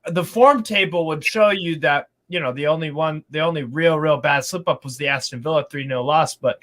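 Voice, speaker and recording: A man talking casually about football as a fan on a panel, animated and repeating words as he goes. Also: a little high, normal speed.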